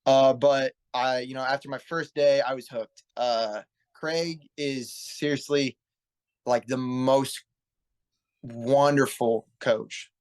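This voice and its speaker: A young man in his twenties talks as a guest on an interview show, earnest and rambling, restarting sentences as he goes. His voice sits at an ordinary pitch for a man. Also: fairly even intonation, slow, darkish tone, smooth. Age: 20s. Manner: earnest, rambling, self-correcting. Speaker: guest, pro wrestler. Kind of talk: casual interview storytelling.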